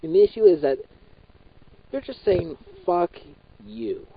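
A man's voice: high voice, very animated, normal speed, gravelly, breathy edge. A young man delivering a heated, profane, repetitive rant. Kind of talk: ranting monologue. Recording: dull lo-fi recording.

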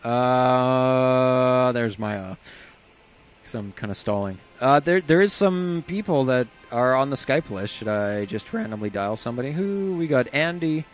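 Expressive and measured, a man's medium-pitched voice carries an internet radio show of casual chat, joking, offhand swearing and frequent laughs. Faint music plays under the dull lo-fi recording, made in a small home room with the window closed.

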